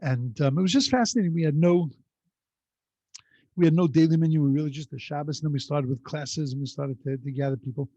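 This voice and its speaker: Rabbi, male, husky, slightly higher voice, rambling storyteller, dull video-call sound. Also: quick pace, warm tone, no echo. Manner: rambling anecdotal delivery with frequent restarts. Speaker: rabbi teaching a class. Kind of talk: conversational storytelling lesson.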